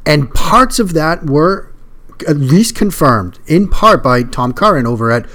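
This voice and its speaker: A man's voice: fairly high pitch, expressive, measured pace, fairly bright tone. Man hosting a solo sports podcast. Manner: conversational, emphatic, repeats words when stressing a point. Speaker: podcast host.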